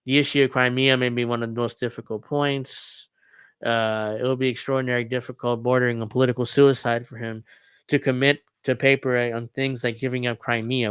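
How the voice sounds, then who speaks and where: Smooth-voiced man reading news with sarcasm. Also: medium pitch, steady tone, quick pace, a bit bright, dry recording. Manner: reads news articles aloud, then riffs sarcastically. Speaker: podcast host. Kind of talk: casual political commentary.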